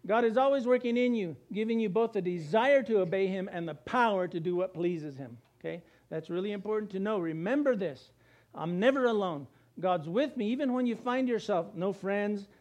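A man's voice: high voice, darkish tone. A man preaching a conversational sermon, breaking into acted-out voices and chuckles. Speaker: pastor.

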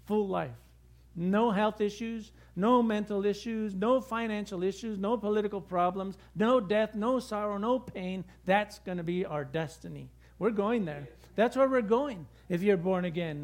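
A middle-aged male pastor preaching a sermon with lively, conversational storytelling. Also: high-pitched.

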